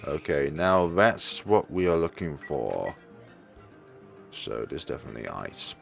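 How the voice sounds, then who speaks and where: Deep gravelly gamer commentary. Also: male voice, sing-song, unhurried, soft background music. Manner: reads game dialogue aloud between comments. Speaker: let's play gamer. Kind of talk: casual gameplay commentary.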